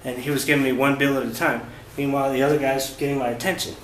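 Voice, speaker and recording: A man in a reverberant room tells a travel story in a relaxed, rambling way. He pauses often on fillers and restarts his sentences. A faint ambient hum sits under the voice. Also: medium pitch. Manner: halting, many fillers and restarts. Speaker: travel vlogger. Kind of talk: casual first-person storytelling. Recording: roomy echo with faint ambient noise.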